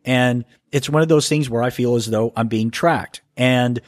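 A man's voice: mid-range voice, moderate pace, no room sound, clean studio sound. A man hosting a podcast, reading listener mail aloud and commenting on it in a casual monologue. He often stumbles and restarts when he reads. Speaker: podcast host. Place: home.

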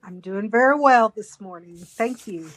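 A woman's voice: on the high side, normal speed, fairly bright tone. A woman guest on a casual podcast, answering in short, dry replies.

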